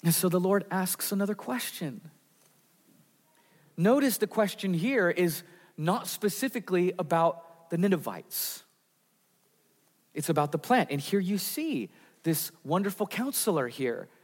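A man preaching a sermon in a church, earnest, with dramatic drops in pitch and volume. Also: expressive, a little slow, pauses often. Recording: reverberant hall.

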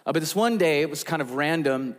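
A pastor with a somewhat high, animated voice preaches a sermon a little fast, telling stories conversationally and using frequent fillers. He's in a church sanctuary, and the recording carries long church hall reverb.

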